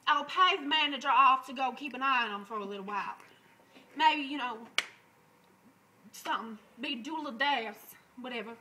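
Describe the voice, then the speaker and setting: A man voicing a brash, crude young woman who laughs through her loud improvised comic story. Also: extremely high pitch, normal speed, slight background noise, heavily acted, poor audio.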